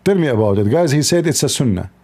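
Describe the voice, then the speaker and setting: A man's voice: mid-range voice, animated, fast, mellow. A man hosting an online debate call, mocking and interrupting his guest and often repeating his words. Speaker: debate host.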